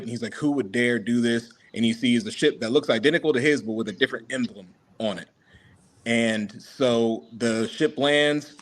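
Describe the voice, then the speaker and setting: A man co-hosting a casual podcast, telling a long imagined story with quick voiced asides for the characters. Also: mid-range voice. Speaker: podcast co-host.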